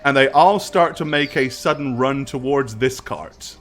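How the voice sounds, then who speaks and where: A man narrating a tabletop game as game master, in an animated way with many ums. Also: medium pitch, unhurried, soft background music.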